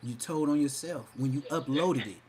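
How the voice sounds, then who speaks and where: A man's voice: medium pitch, moderate pace, a little mellow, slightly rough. A man hosting a livestream podcast, talking trash in a brash, mocking way and slipping into exaggerated voices. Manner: hyped, shifts into exaggerated voices. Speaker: podcast host. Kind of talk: livestream commentary.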